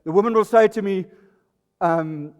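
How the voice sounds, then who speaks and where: On stage at a live presentation night, a South African man in his sixties pokes fun at himself in a comic talk. His voice sits high, clear and resonant, at a moderate pace, captured in a reverberant venue hall.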